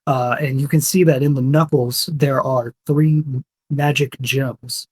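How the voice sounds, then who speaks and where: Husky young man narrating a game. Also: mid-range voice, steady tone, unhurried. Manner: casual, descriptive, fillers. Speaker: game master.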